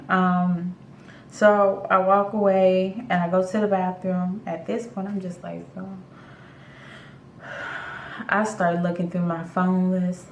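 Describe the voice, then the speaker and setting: A young woman telling a story in a casual, animated way, full of fillers, acting out her own reactions. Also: on the low side, takes it slowly, pauses often, echoey room.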